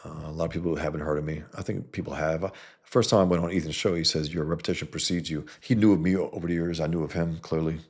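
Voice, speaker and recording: A man's voice: steady tone, fast, a little mellow. A man hosting his own video, talking casually and bluntly to viewers about comics, with many fillers and restarts. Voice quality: gravelly, husky low voice. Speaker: comic book creator and video host. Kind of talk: casual rambling talk to viewers.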